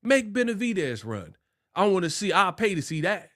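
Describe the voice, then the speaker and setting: A boxing commentator from California's Bay Area rants casually in a high voice at a moderate pace. He's animated, slangy, and mocking, putting on voices whenever he quotes someone.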